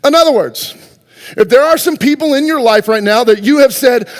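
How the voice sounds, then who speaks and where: A man's voice: very high voice, a little fast, long reverb tail. A man preaching a sermon as pastor, talking conversationally and firing rhetorical questions at the congregation. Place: church sanctuary.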